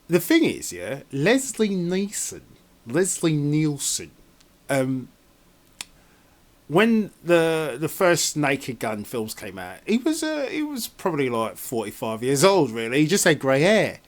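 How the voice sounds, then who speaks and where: A man's voice: on the high side, huge pitch swings, slow. A man doing a casual trailer reaction in a rambling, sarcastic, exasperated way.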